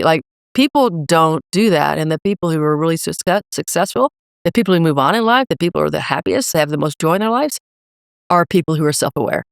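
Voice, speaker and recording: A woman's voice: sits low, brisk, gravelly, no echo, clean studio sound. Emphatic middle-aged woman, motivational coach. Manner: emphatic, energetic motivational speaker. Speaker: leadership coach and guest. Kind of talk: podcast interview.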